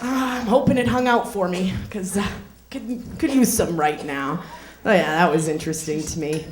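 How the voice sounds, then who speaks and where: A woman's voice: lowish voice, normal speed, roomy sound, background noise. A young woman from Minnesota doing a stand-up comedy set on a club stage, sardonic and playful, laughing at her own jokes.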